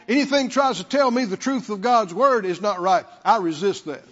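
In this sermon, a man serving as pastor speaks at a moderate pace in a high, slightly bright voice, repeating words for emphasis and prompting the congregation to respond. The audio sounds dull and lo-fi, with a long hall reverb.

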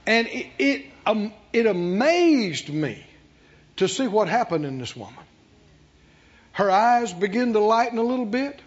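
Husky, high-pitched preacher man, slow and lively. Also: dull audio. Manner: slow, drawn-out phrases, rising to shouted chanting. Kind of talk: storytelling sermon with call and response.

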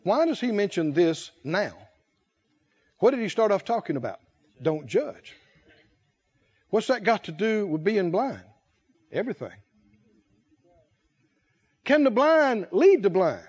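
A man preaching a sermon in a folksy, animated way, chuckling and acting out little voices. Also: high-pitched, a little slow, long pauses, slightly rough. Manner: animated, folksy, laughs often, acts out voices. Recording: dull lo-fi sound.

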